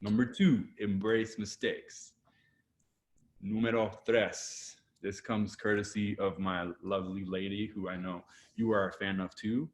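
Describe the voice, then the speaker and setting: Speaking a little slowly in a voice on the low side, a guest photographer with a Canadian accent chats in a casual video interview. His manner is energetic and animated, and he performs the quotes he relays.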